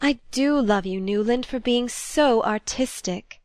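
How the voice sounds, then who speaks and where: A woman's voice: a little high, measured pace, no room sound, studio quality, voice pushed up, close to an everyday voice. A woman reading as a light, self-assured young society fiancée. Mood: light-hearted.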